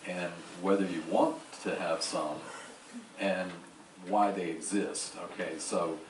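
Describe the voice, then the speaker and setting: Deep-voiced Southern man lecturing in a hall. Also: fairly even intonation, noisy background. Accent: Southern US, New Orleans. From New Orleans, Louisiana. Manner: slow, folksy, joking asides. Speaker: cruise ship lecturer. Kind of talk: slide lecture to an audience. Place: large ship lecture hall. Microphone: far from the recording mic. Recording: echoey hall taped from far off.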